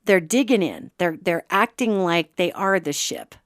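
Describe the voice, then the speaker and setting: A woman's voice: fairly low pitch, expressive, measured pace, no room sound, clean studio sound. A middle-aged woman hosting a solo spiritual commentary podcast, talking to listeners in an impassioned, conversational way. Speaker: host.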